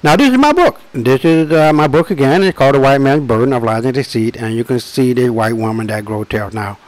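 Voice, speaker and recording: Guy ranting into the mic about his own book, swears a lot, drags words out slow, restarts a bunch, mid pitch, dry close sound. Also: animated, no echo, low-quality recording. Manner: emphatic and profane, with many restarts and asides. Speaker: author presenting his book. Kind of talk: rambling direct-to-camera monologue.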